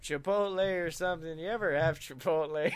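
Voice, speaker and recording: A man's voice: on the high side, normal speed, a little hiss or hum. A man co-hosting a comedy podcast, telling a rambling, profane joke and laughing at his own lines. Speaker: podcast co-host.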